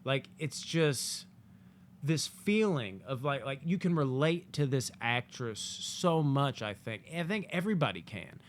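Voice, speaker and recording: Male movie reviewer, casual and swearing, animated delivery, average pitch, faint noise behind. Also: measured pace. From United States. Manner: animated, profane, jokey asides with acted-out quotes.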